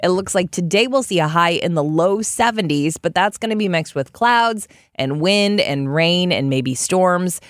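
Morning radio lady, lowish voice, dry close studio sound, teasing and quick. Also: expressive, no echo. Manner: dry teasing, laughs easily.

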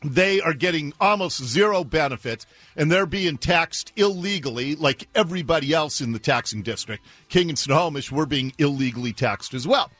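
Animated, lively-pitched male radio host. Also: moderate pace, few pauses, no echo, soft background music. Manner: animated, ranting, sarcastic. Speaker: radio talk show host. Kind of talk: opinionated radio talk. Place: radio studio.

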